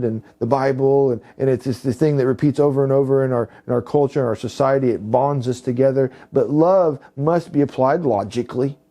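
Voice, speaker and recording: Guy giving a recorded talk to cops, mellow dark voice, lots of "you know" and false starts. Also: medium pitch. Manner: rambling, heavy with "you know" and restarts. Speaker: presenter for a healing services group. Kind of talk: recorded presentation to police officers.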